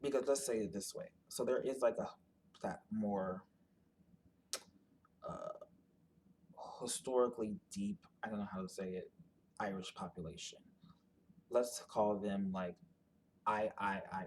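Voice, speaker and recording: A man's voice: lowish voice, fairly even intonation, measured pace, long pauses, a little mellow, slight background noise. A man giving a casual explanatory monologue, rambling and thinking aloud with many fillers and restarts. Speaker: commentator on genetic ancestry.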